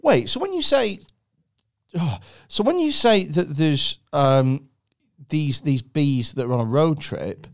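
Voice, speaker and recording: Animated, sweary man. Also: a little high, slow, creaky. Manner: incredulous, sweary, animated storytelling. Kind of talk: casual chat.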